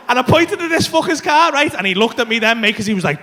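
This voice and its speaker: Brash, sweary high-voiced male comic. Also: very animated, normal speed, pauses often, sharp tone. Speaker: stand-up comedian. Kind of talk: stand-up comedy set. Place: comedy club stage.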